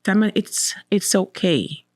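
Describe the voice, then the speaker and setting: A woman's voice: mid-range voice, lively intonation, measured pace, a little mellow, dry recording, studio quality. A woman in her thirties, a guest telling her personal story with emotion and repeating words for emphasis.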